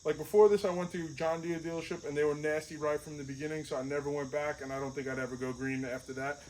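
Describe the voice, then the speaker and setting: A man's voice: fairly high pitch, fairly even intonation, quick pace, a little mellow, a little hiss or hum, rough recording. Rambling, chatty man vlogging by his tractor. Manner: rambling, chatty, self-deprecating. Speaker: outdoor channel vlogger. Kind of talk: casual show-and-tell vlog. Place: outdoors beside his tractor on his property.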